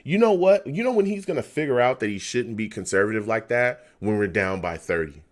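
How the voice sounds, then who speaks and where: Man, fan stream host, exasperated game reaction, swings from mutters to loud rants, very animated pitch. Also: brisk. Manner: exasperated, venting, reads chat aloud.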